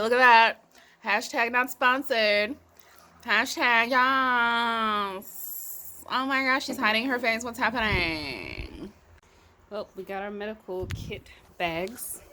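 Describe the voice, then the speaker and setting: A woman's voice: mid-range voice, a bit bright, slight background noise. A mother vlogging casually from her quarantine apartment, narrating with dry, teasing humor.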